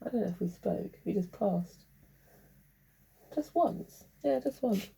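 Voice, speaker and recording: A woman vlogger in a rambling casual monologue, chuckling often and bickering with herself, with a gravelly voice. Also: medium pitch, lively intonation, unhurried, mellow.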